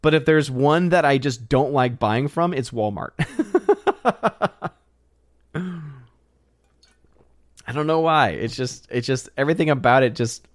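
A man hosts a livestream and chats through viewer comments in a loose, rambling way. He often stumbles and restarts his sentences. His voice sits in a middle pitch, recorded close and dry. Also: no room sound. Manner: rambling, halting restarts, chatty. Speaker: livestream host. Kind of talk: casual chat, reading live comments.

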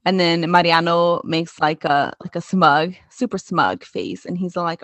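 A woman on a podcast, talking through a recap in a casual, animated way and slipping into the characters' lines as she goes. Her voice has an ordinary middle pitch. The recording is dry and close. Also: unhurried, dry recording. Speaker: podcast co-host.

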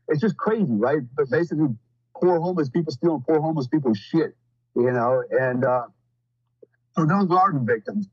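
A man with a fairly high, husky voice chats as a podcast guest, rambling through stories with blunt, profane asides. His delivery is loose and full of fillers. The audio is a little dull and dry. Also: darkish tone, no room sound. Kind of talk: casual storytelling.

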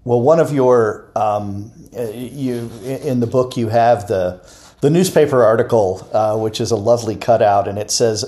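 A man hosting an interview, asking questions in a halting way, with many pauses. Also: mid-range voice, warm tone. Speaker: podcast host.

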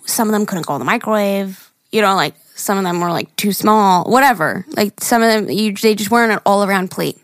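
A woman's voice: mid-range voice, dry recording, studio quality. A young woman co-hosting a podcast, talking casually with lots of laughs and eager detail. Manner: chatty, giggly, enthusiastic. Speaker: podcast co-host. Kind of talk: casual chat.

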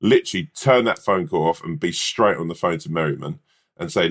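A man's voice: low-pitched, fairly quick. A man co-hosting a podcast, chatting casually and telling playful stories with acted voices, often laughing. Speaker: podcast co-host. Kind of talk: casual chat.

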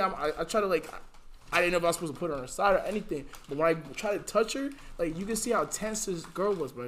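A man's voice: sits high, a little hiss or hum. A young man, a podcast guest, telling a story in casual slang, keeps saying "bro" and breaks into laughing fits.

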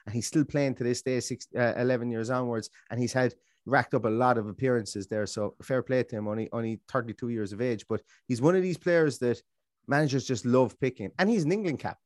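A man's voice: mid-range voice, brisk, no echo, studio quality. A man, co-hosting a casual football podcast and talking in rambling runs full of restarts and fillers. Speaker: podcast co-host.

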